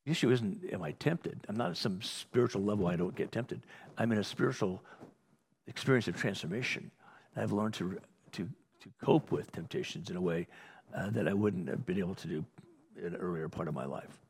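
A man's voice: low voice, lively intonation, fairly quick, creaky, breathy edge. A male pastor preaching a sermon in a conversational way, often restarting phrases and acting out little asides.

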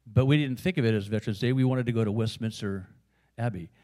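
A man's voice: medium pitch, fast, dark tone. A man with an American accent preaching a sermon in a conversational, storytelling way, with frequent fillers and asides. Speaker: pastor.

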